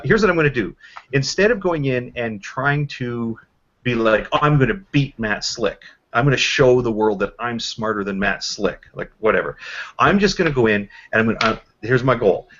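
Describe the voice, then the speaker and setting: Quick rambling host guy, lots of restarts, muffled lo-fi sound. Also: mid-range voice, a bit bright. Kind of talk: casual online hangout chat. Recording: dull lo-fi voice call.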